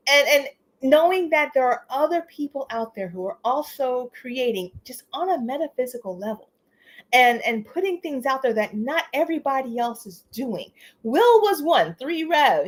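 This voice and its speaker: A woman hosting a live stream in a relaxed, chatty way, her voice sitting a little high. She is animated and laughs easily, tagging her sentences with "you know" and "okay?". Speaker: livestream host. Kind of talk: casual livestream chat.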